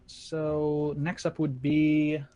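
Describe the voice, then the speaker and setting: A man's voice: a little high, monotone, drawn-out words, warm tone. A man narrating as game master, laid-back and often chuckling.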